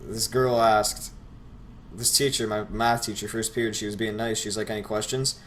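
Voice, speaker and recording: A teenage boy rambles through a story over a game, sarcastic and quick to swear. His voice sits on the low side. A faint hum runs behind him. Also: flat delivery. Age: teens. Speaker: gameplay commentator. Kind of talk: casual storytelling over gameplay.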